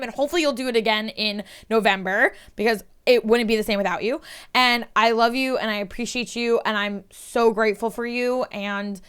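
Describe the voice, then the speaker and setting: A woman's voice: on the high side, fairly bright tone, smooth. A woman podcast host, gushing and effusive in casual interview chat, laughing often.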